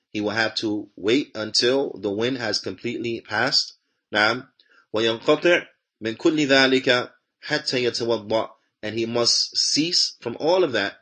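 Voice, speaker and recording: Man, religious teacher, quick reading of the text, slow patient explanation, repeats himself. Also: mid-range voice, a bit bright. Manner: reads Arabic quickly, then explains slowly and repeats points.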